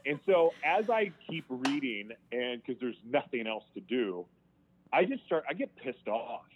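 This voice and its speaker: A man's voice: mid-range voice, big pitch swings, breathy edge. Frank man on a tinny line. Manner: frank, emotional, halting with restarts. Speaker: interview guest. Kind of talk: candid personal storytelling. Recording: tinny phone-line sound.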